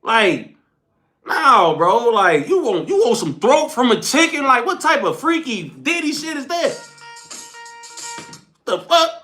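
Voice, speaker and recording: High-voiced man ranting casually. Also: very animated, takes it slowly, long pauses, bright, forceful tone, faint music behind. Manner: rambling, slangy, repeats "folk" and "bro". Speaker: streamer hosting a morning smoke session. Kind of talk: casual profane rant.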